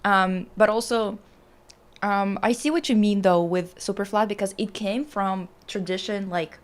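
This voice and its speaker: Woman co-host, casual art talk, hesitant fillers, middle-pitched voice. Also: fairly even intonation, measured pace. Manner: thoughtful, many fillers and hedges; laughs easily, enthusiastic asides. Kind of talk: casual chat about art.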